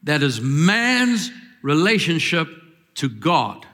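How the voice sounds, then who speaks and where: A man's voice: fairly high pitch, very animated, slow pace, fairly bright tone. A man preaching a sermon, asking questions and calling for the congregation's answers, with rising emphatic lines. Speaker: pastor.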